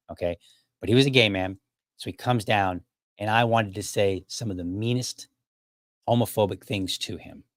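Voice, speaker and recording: A man with a low voice tells a long story on his podcast in a loose, casual way. He stumbles and repeats words, then throws himself into the quoted lines. The sound is close and dry. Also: no echo. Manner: animated retelling, acts out quoted dialogue; frequent restarts and repeated words. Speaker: podcast host.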